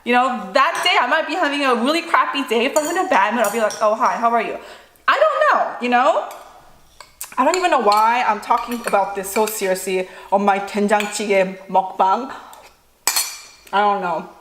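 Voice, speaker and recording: A woman's voice: a little high, brisk, a little hiss or hum. Playful woman chatting in an echoey kitchen. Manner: animated, playful and self-mocking. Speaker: mukbang vlogger, mother. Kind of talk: casual chat while eating. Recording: echoey room with faint dish clatter.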